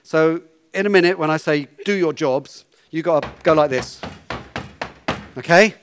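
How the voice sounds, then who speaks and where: A man's voice: fairly high pitch, unhurried, slight background noise. A man leading a children's talk in church, playful and coaxing, giving instructions.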